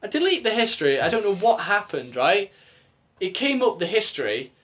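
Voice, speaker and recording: Speaking fairly quickly in a high-pitched voice, this young man co-hosts a podcast. He recounts an embarrassing story in a relaxed, animated way and acts out how each person sounded.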